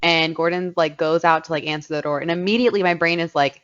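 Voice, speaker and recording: A woman's voice: deep voice, fairly even intonation, fast talker, hardly any pauses, a bit bright. A young woman co-hosting a podcast, telling a story in casual, profane chat and laughing often. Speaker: podcast co-host. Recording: dull lo-fi podcast audio.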